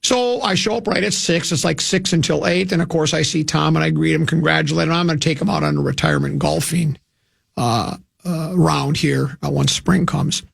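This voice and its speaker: A man's voice: on the high side, steady tone, normal speed, gravelly, fairly bright tone, slightly rough, dry recording, studio quality. An older man from hosting a radio show, telling a rambling, self-mocking anecdote with many restarts. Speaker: radio host.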